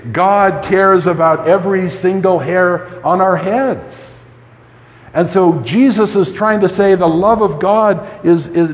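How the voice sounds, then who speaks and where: A man preaching a sermon in an emphatic way, often repeating words as he starts a sentence. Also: high voice. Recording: long reverb of a hall.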